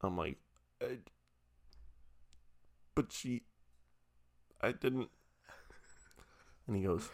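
A young man, a podcast co-host, telling a long story in a hushed, drawn-out way and swearing freely. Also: medium pitch, lively intonation. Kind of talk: casual storytelling.

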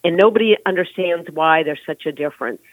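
Emphatic guy on a phone line, high bright voice, dry. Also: brisk, no room sound. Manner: emphatic, opinionated. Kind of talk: casual chat.

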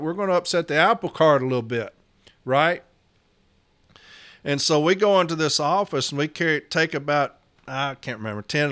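A man of middling pitch, telling a long union story. He is blunt and profane, and he plays both sides of a heated confrontation out loud. His talk is loose and conversational, like recounting it to friends. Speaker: union representative. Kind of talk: storytelling monologue.

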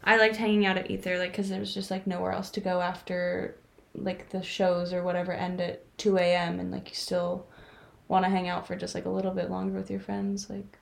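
Her voice is low-ish, level and creaky, moving a little fast. She's a woman in her twenties co-hosting a podcast, telling rambling stories in casual chat loaded with "like" fillers.

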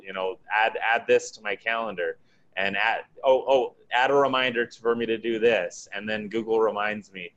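A man's voice: lowish voice, lo-fi sound. A man chatting casually on a podcast panel, repeating words and tossing in "right" and "I mean". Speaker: panel guest.

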